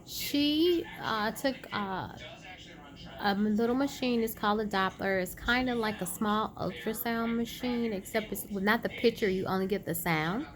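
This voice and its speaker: A woman vlogger casually retelling a personal story, chatty and animated, acting out quoted dialogue. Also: on the high side. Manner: many fillers and restarts.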